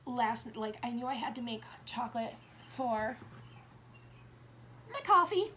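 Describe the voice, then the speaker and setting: A woman's voice: a little high, level tone, normal speed, a little mellow. Rambling woman in her fifties, faint hiss. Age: 50s. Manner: rambling, self-interrupting, acts out little dialogues. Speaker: tarot reader. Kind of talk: casual monologue.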